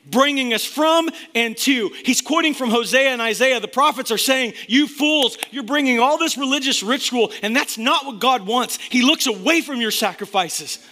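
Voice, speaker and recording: Delivering a passionate sermon to his congregation, a male pastor with an extremely high voice alternates between forceful, loud bursts and quiet, intense sections. He speaks at a normal speed and pauses only a few times.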